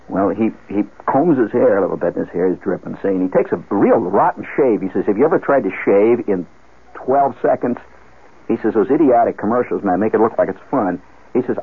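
A man telling a rambling comic story on the radio, animated and full of asides and restarts. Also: mid-range voice, fairly quick, breathy edge. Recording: tinny phone-like old radio broadcast.

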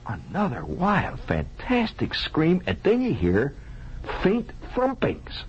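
A man's voice: a little high, slow, a little hiss or hum. A man telling a comic childhood story on radio, chatting to listeners and making sound effects with his mouth, heard on an old lo-fi broadcast. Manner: animated, conversational, asks the audience questions, sound effects with mouth. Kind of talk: improvised comic storytelling monologue.

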